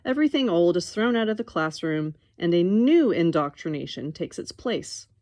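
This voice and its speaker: A young adult woman reading a nonfiction book aloud in an expressive, wry way, breaking off now and then to comment on it. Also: lowish voice, moderate pace, no echo. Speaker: audiobook reader.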